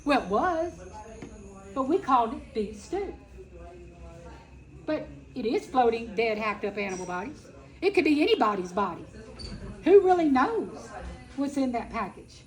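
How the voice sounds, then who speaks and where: A middle-aged woman telling a personal story at a festival, dramatic, acting out quotes and swinging between loud and soft. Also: high voice, very animated, unhurried, long pauses, poor audio. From Texas. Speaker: speaker at a festival. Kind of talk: storytelling talk.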